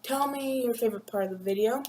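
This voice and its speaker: Teen girl vlogger, slow rambling chat, high-ish voice, room echo and faint background hum. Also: darkish tone. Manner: rambling, giggly, acts out classmates in quick voices. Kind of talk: casual chat to camera. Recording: echoey room with faint ambience.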